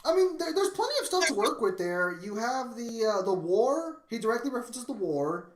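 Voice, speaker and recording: A man streaming live, chatting casually and excitedly, swearing often and breaking into laughter. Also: very high-pitched, moderate pace, crowd noise.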